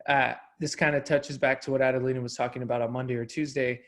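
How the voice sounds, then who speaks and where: A man giving a steady, explanatory comment during a group call, with frequent fillers. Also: medium pitch, fast. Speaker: team member.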